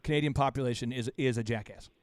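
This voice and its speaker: A man hosting a business podcast, talking in an animated, blunt and teasing way. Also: medium pitch, fast talker, no room sound. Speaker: podcast host. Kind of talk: lively podcast chat.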